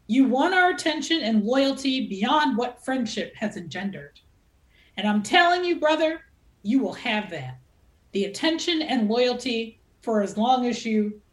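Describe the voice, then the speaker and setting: Woman doing a pompous chummy guy booming a toast, swoopy voice, echoey room. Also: very animated, normal speed. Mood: grandstanding. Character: pompous well-connected man giving a toast.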